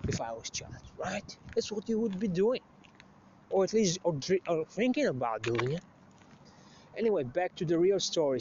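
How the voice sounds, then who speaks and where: A man's voice: high-pitched, darkish tone, slight background noise. A man telling a story in a casual monologue, crude and profane, rambling with many restarts. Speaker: show host. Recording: slightly muffled lo-fi recording.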